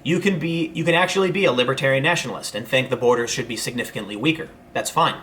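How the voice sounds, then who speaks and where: A man's voice: mid-range voice, quick pace, a bit bright, slight background noise. A man, hosting a casual livestream and answering viewer messages in a rambling way, full of fillers and restarts. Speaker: host reading viewer chat.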